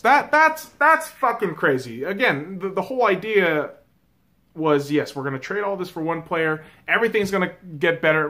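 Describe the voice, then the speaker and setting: A man with a high-pitched, sharp voice hosts his own sports vlog. He rants casually, swears a lot, and calls his audience "boys and girls."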